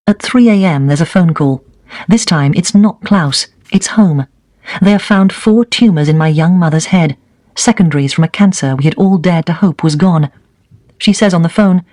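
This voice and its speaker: A man reading a first-person memoir aloud at a steady, even pace. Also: fairly high pitch, normal speed, dry recording. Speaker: reader of a set text.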